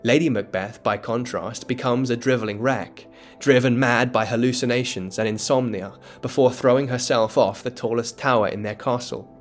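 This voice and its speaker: A man giving scripted educational narration that explains a play, in a measured, dramatic storytelling tone. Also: mid-range voice, steady tone, soft background music. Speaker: literature explainer.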